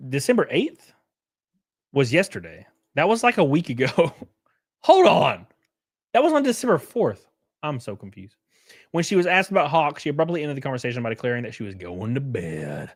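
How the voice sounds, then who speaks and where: A man's voice: fairly high pitch, dry recording, clean studio sound. A man hosting a casual livestream, reading chat and news aloud with sarcastic, swearing reactions, sounding worn out and short of breath. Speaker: streamer host.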